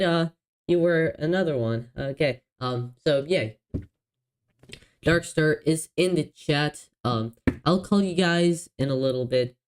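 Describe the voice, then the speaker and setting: A man hosting a live stream in casual chat, excitable and apologetic, often stumbling over his words and laughing. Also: a little high, low-quality recording. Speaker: livestream host.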